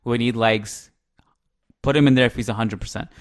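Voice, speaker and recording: A man in his thirties hosting a casual podcast, chatty and quick to laugh, thinking out loud. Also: mid-range voice, steady tone. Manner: chatty, laughs easily, thinks aloud with restarts. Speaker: podcast host. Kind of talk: casual chat.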